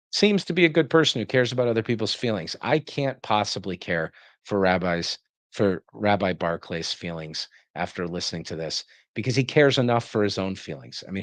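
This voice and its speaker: A man's voice: low-pitched, a bit bright, dry recording. A man giving reaction commentary, sarcastic and indignant as he rants.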